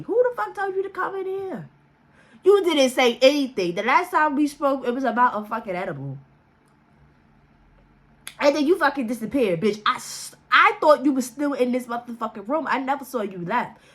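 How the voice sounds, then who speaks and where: A woman telling a casual story as a vlogger, animated and profane, laughing often and acting out the voices she quotes. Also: normal speed. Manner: acts out quoted voices with big pitch jumps.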